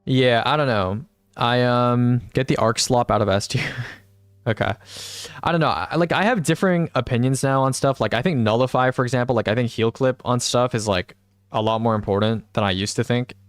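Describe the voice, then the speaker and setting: Smooth-voiced young man rambling through a tier list. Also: medium pitch, brisk, no echo, studio quality. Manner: rambling, thinks aloud, reads chat replies. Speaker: streamer. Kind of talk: casual live-stream gaming commentary.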